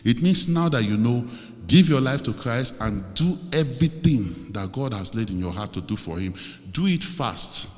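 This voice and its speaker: Man, preacher, sermon and led prayer, earnest, pleading, mid-pitched voice, church with long echoing reverb. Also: expressive, normal speed, faint music behind. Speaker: visiting preacher.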